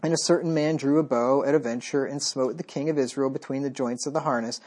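A man with a husky, mid-pitched voice delivers a sermon in a relaxed, conversational way. He reads scripture aloud, then wryly paraphrases the characters in everyday speech. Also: fast. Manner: conversational, wry, acts out the king's lines. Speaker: preacher.

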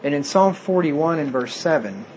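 A man's voice: a little high, lively intonation, normal speed, background noise. A man preaching a sermon, reading scripture aloud and explaining it plainly.

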